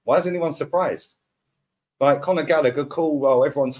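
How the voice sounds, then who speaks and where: A man's voice: fairly high pitch, brisk, darkish tone. A man, ranting as a football podcast pundit in heated casual chat, full of slang and repeated words.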